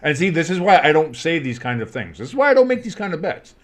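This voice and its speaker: A man's voice: a little high, very animated, fast talker. A man co-hosting a casual sports podcast, playful and teasing, often slipping into goofy voices. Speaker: co-host.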